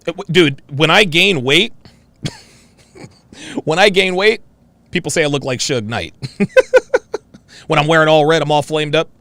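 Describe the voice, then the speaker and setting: A man hosting a live stream and reading viewer messages aloud, with a distinctive voice that swings from very high to very low. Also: measured pace, long pauses, a bit bright, no echo.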